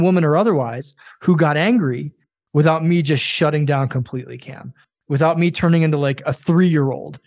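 A man's voice: fairly high pitch, darkish tone, no room sound. A man in his forties talking earnestly and emphatically, coaching other men in a casual conversation. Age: 40s.

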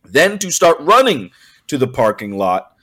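A young man recounting a night out to friends in an animated, exasperated ramble. His voice sits in an ordinary middle pitch, and he swears freely and laughs through the telling. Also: unhurried, husky. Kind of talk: casual storytelling chat.

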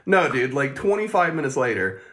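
A man's voice: medium pitch, big pitch swings, normal speed, sharp tone. A man casually telling a long, profane story on a podcast and laughing often as he talks. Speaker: podcast co-host.

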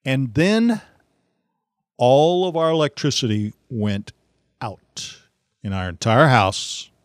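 A middle-aged man hosting a podcast, telling a funny story in a casual, animated way and laughing often. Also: medium pitch, takes it slowly, no echo, studio quality. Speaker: podcast host.

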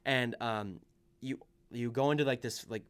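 A man's voice: mid-range voice, moderate pace, a bit bright, clean tone. A man in casual chat, retelling a video game side quest in a rambling way and acting out the characters' lines.

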